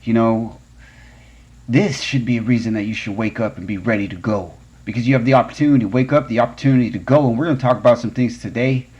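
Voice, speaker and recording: A man's voice: on the low side, a little mellow, breathy edge, lo-fi sound. A man hosting a podcast, telling a personal story in an earnest, conversational way. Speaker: podcast host.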